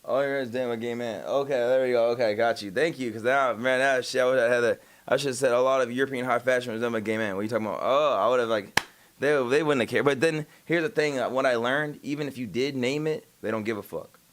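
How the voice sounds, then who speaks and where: A man streams live and talks at a quick clip, rattling through a story with heavy swearing. He is emphatic and keeps trailing off with throwaway filler sounds. His voice sits at an ordinary middle pitch for a man. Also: steady tone. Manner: rapid, profane, emphatic, trails off with "da, da, da". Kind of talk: casual livestream storytelling and reacting.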